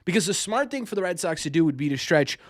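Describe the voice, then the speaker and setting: A man's voice: on the high side, animated, quick pace, no room sound, studio quality. A young man hosting a casual sports live stream, talking through viewers' questions in a rambling way and often stumbling over and repeating his words. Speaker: sports podcast host.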